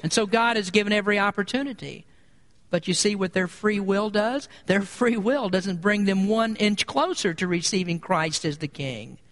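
A man delivers a sermon in a high, ringing voice. He presses his points hard, building to loud peaks on repeated phrases. The sound carries a long reverb, like a church sanctuary. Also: moderate pace. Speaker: preacher.

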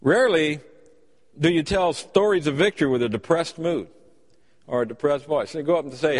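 A man's voice: a little high, fairly quick. A man preaching a sermon, telling folksy stories and acting out the quotes inside them. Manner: folksy storytelling with acted-out quotes. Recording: long hall reverb.

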